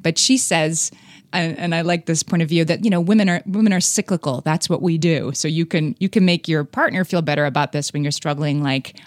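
Woman podcast host, casual chat, laughs a lot, lowish voice, dry close mic. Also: steady tone, fast talker, no room sound. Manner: chatty, self-deprecating, laughs often.

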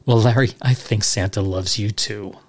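A man's voice: lowish voice, steady tone, normal speed. A middle-aged man hosting a podcast, reading old letters aloud and adding chatty, dry, sarcastic asides. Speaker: podcast host.

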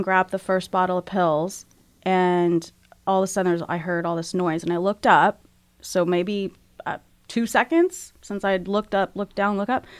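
Middle-aged woman guest, candid storyteller with a mid-range voice, animated when she retells moments. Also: medium pitch, smooth, dry recording. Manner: candid, animated when retelling, acts out her own quoted thoughts. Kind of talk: personal storytelling in an interview.

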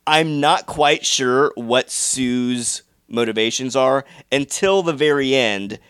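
A man's voice: medium pitch, slow pace, a bit bright, clear, resonant tone, no echo, clean studio sound. A man reviewing films in a casual debate, patiently explaining and defending his view. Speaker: film reviewer.

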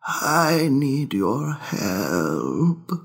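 Man voicing a ghost, airy breathy whisper-like voice, slow tearful pleas, lively pitch swings. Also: exaggerated voice. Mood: pleading. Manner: slow, drawn-out, tearful pleading. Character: pleading ghostly voice echoing through a home.

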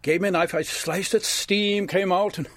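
A male storyteller performs his tale with lively chants and sound effects made by his mouth. His voice sits a bit high. It is recorded dry and close. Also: moderate pace, no room sound. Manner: animated, chanting and mimicking.

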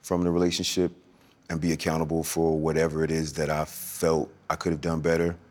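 A man in his forties speaking as a podcast guest, with a soft, smooth and melodic way of talking. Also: a bass voice, monotone, brisk. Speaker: guest, former NFL running back turned actor. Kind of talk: podcast interview.

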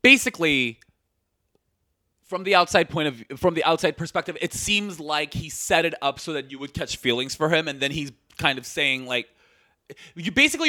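Guy w a high bright voice, goes off hard, lots of swoop and emphasis. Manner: heated, emphatic ranting. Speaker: podcast guest. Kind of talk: casual podcast chat.

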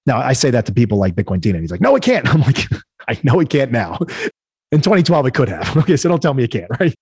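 A man, a guest entrepreneur telling animated stories in a casual interview, acting out the voices of the people he quotes. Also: mid-range voice, fast talker, breathy edge, no echo. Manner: animated storyteller, acts out quoted voices, frequent "right?".

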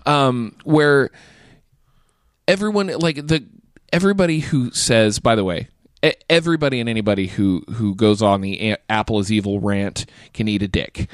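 A man's voice: on the low side, moderate pace, no echo. Ranting man on a podcast, dry sound. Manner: ranting, profane, exasperated. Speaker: podcast host. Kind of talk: casual podcast chat.

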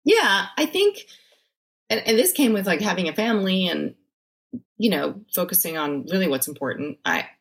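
A woman's voice: medium pitch, expressive, normal speed, a bit bright. A woman from Brazil, an actress guest in a casual interview, who talks in a laughing, self-deprecating way.

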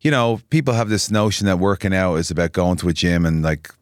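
A man's voice: deep voice, lively intonation, fast, no room sound, clean studio sound. A man with a Dublin Irish accent, a guest chatting casually and rambling with many fillers. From Ireland. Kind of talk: casual chat.

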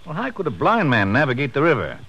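An actor playing a skeptical country sheriff with a drawling rural way of speaking in an old radio drama. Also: male voice, medium pitch, wildly swooping pitch, fast talker, a bit bright, slightly rough, highs cut off, full character voice. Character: folksy, skeptical adult male Western sheriff. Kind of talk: 1950s radio drama acting. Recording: hissy old radio broadcast.

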